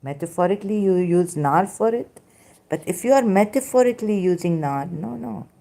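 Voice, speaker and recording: A woman giving an informal lecture, reading scripture verses aloud in halting, non-native English phrasing. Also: mid-range voice, expressive, vocal fry, mellow. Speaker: religious critic presenting scripture.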